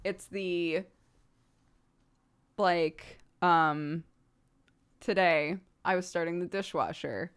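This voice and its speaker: A woman's voice: on the low side, very slow, long pauses, clean tone. A woman in her thirties, a streamer chatting casually with her viewers, rambling and laughing often. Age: 30s.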